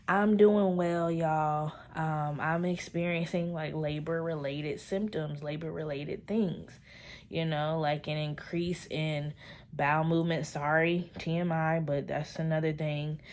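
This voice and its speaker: A young woman with a low, mellow voice talks straight to her camera in an easy, chatty vlog update. She is earnest and open, calls her audience y'all, and now and then drops to a soft whisper for an aside. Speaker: vlogger. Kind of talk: casual chat to camera.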